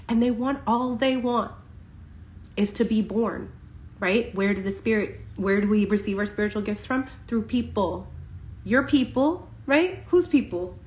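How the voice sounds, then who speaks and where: A woman giving an impassioned spiritual tarot reading, speaking emphatically with slow, deliberate pauses. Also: medium pitch, roomy sound, poor audio. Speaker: tarot reader. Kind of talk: spiritual reading for a general audience.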